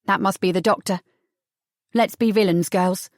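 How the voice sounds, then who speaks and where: A daring young woman talks with breezy, cheeky confidence, as a woman narrator puts her on. She sounds bold and quick to take charge. The audiobook recording is dry and close. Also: mid-range voice, fairly even intonation, dry recording, close to an everyday voice.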